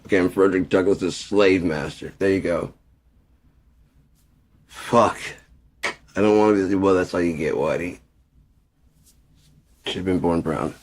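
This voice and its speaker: Deep gravelly man ranting. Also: unhurried, pauses often. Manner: profane, meandering, jokey. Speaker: video creator. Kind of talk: rambling casual rant.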